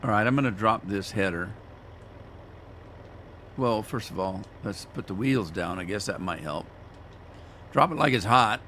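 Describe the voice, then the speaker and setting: A man's voice: on the low side, animated, measured pace, long pauses, bright, forceful tone, slight background noise. A man hosting a gaming channel, chatting casually and rambling in a folksy way while he plays. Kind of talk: casual let's-play commentary.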